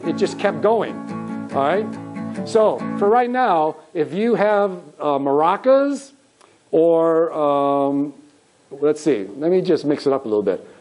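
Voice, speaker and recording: A man's voice: on the high side, darkish tone, poor audio. A middle-aged man leading a music workshop, teaching with call-and-response singing in a conference room. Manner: upbeat, leads the room in sung call-and-response. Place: conference room with live audience. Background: guitar strummed by the speaker.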